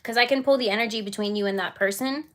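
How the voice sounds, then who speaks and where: A woman's voice: fairly high pitch, fast, a bit bright. A woman giving a casual live-stream tarot reading, chatty and giggly with lots of fillers.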